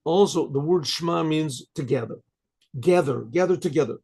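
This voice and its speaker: An older man, a rabbi, giving a Torah lecture, translating Hebrew phrases into English and pausing often to ask "right?". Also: fairly high pitch, vocal fry, a little mellow, husky.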